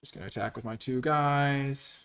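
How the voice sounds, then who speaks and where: A man commentating his own card game, switching between quiet muttered analysis and loud, mock-grandiose cheering. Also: medium pitch, normal speed. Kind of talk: gameplay commentary.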